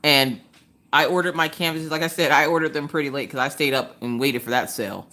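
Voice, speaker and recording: A woman hosting a laid-back craft livestream, talking straight to her viewers. Her voice has a bright, crisp edge. She rambles in a chatty way and slips into exasperated rants full of rhetorical questions. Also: deep voice, a little fast. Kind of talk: casual chat with live viewers. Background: chewing ice between sentences.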